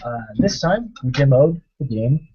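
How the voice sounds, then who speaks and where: Husky young man telling a story. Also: mid-range voice, unhurried. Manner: animated anecdote-telling, acting out quotes. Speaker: co-host of a tabletop gaming show. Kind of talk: casual storytelling recap. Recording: dull lo-fi webcast audio.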